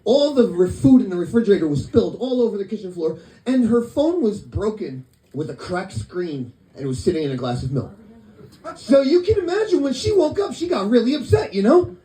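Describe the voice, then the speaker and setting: Deadpan stand-up man, lively pitch. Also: a little fast, roomy sound, poor audio. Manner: deadpan storytelling with quoted voices. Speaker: stand-up comedian. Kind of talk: stand-up set. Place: comedy club.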